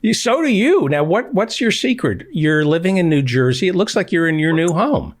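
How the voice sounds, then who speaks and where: Levendige mannelijke podcastpresentator. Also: male voice, on the high side, sing-song. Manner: warm, slightly halting introductions with repeated words. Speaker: podcast host. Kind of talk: casual interview chat.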